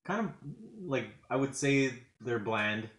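A man's voice: medium pitch, lively intonation, slow pace, fairly bright tone, roomy sound. A man doing a casual food review vlog at home, rambling and hesitant, with lots of fillers, talking while he eats. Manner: talks while eating. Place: home kitchen.

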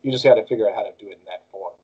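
Speaking rapid-fire in a husky, lowish voice on dull audio, a cartoon voice actor chats loosely as an interview guest. He stays animated throughout, hopping between quick character voices.

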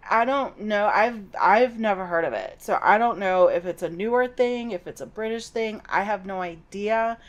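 A middle-aged woman talks through a story she has read. She is casual and conversational, and drifts into personal asides before picking the thread back up. Her pitch sits at a mid level for a woman. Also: lively intonation, normal speed, hardly any pauses, highs cut off. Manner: chatty and digressive, with personal asides. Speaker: podcast host recapping a novel. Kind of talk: casual book recap.

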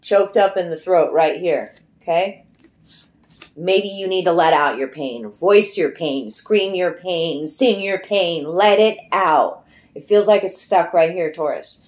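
Speaking slowly in a lowish voice, a middle-aged woman reads tarot cards in a relaxed, emotive way. She chats loosely, swears without hesitation and occasionally bursts into singing.

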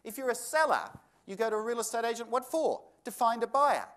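A man's voice: very high voice, big pitch swings, brisk, fairly bright tone. Sarcastic Australian man lecturing a seminar. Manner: combative, sarcastic, full of rhetorical questions. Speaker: seminar presenter. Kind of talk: live seminar talk. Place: seminar room with a live audience.

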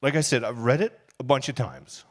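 A man's voice: medium pitch, animated, brisk. Fervent storytelling pastor, a man. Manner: storytelling, grows loud and fervent, acts out quoted shouts; casual and confessional, with laughs and sighs. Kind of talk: sermon.

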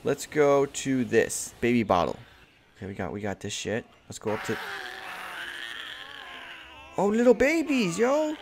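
A man casually commentating his own game playthrough, excited, slangy, and swearing freely. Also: mid-range voice, measured pace, gravelly, pauses often, background noise. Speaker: gamer. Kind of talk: casual let's play commentary.

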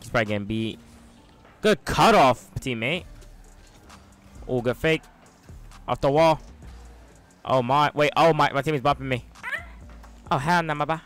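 A man giving live commentary while playing a game, talking in short bursts with sudden loud yells. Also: medium pitch. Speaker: gaming YouTuber.

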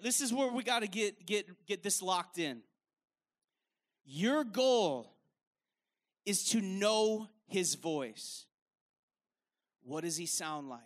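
A man preaches a sermon in a strikingly high, forceful voice. He talks in a loose, conversational way and drives his points home by repeating phrases. The energy stays up throughout. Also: expressive, slow, long pauses. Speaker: evangelist preacher.

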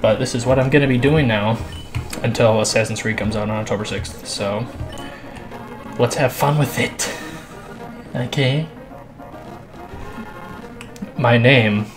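A man's voice: mid-range voice, moderate pace, pauses often. A man doing let's play commentary on a video game, out of breath, swearing constantly and sighing between lines. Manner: profane, crass, sighing often. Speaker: gaming channel host. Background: game music.

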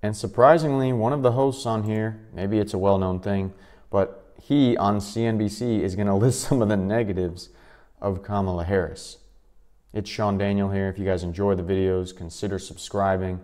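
A man's voice: on the low side, steady tone, moderate pace, darkish tone. A man giving blunt, scornful reaction commentary on a clip. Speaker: commentary vlogger.

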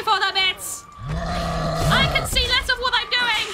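A woman streamer giving casual gaming commentary, giggly and excitable, often breaking into shrieks. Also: very high voice, slow. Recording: noisy stream audio.

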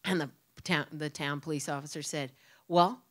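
A woman doing stand-up storytelling on stage, animated, jumping into a loud high voice when she acts out what people said. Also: a little fast. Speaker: storyteller comedian.

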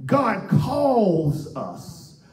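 A male pastor delivering an impassioned sermon, repeating phrases and swinging between shouted lines and hushed ones. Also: high voice, wildly swooping pitch, extremely slow. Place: church sanctuary. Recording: echoey church room, voice picked up from far off.

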